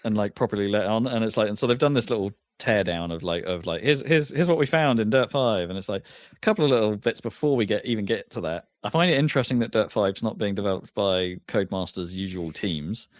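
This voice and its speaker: A man's voice: on the low side, fast, no room sound. A man co-hosting a podcast in casual chat, rambling with lots of restarts and fillers. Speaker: podcast co-host.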